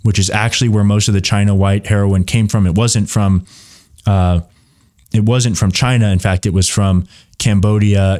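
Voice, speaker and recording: A young man with a fairly low voice, talking through a topic as host of his own commentary show. He explains step by step, stopping often for fillers and self-corrections. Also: a little mellow. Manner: explanatory, many fillers and restarts. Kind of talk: commentary monologue.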